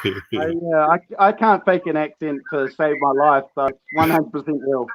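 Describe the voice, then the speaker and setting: A man's voice: a little high, moderate pace, slight background noise. Blunt man on a dull call line. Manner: blunt, profane, unbothered. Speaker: caller. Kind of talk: casual call-in chat.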